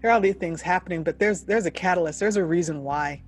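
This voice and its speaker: A woman's voice: lowish voice, quick pace, faint music behind. A woman who leads a university, speaking in an earnest, reflective way during a heartfelt panel discussion. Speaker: university leader.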